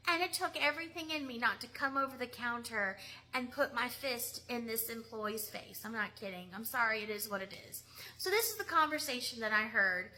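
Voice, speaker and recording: Bright, high-voiced woman ranting. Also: expressive, normal speed, poor audio. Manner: emphatic and indignant. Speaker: mystery shopper vlogger. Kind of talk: casual vlog rant.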